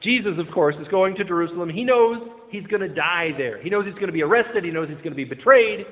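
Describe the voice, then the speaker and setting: Pastor, male, high voice, chatty and joking, lots of ums; echoing church hall. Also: expressive, fast talker. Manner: joking, self-deprecating, many fillers and restarts. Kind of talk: casual conversational sermon. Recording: tinny, phone-like sound in a reverberant hall.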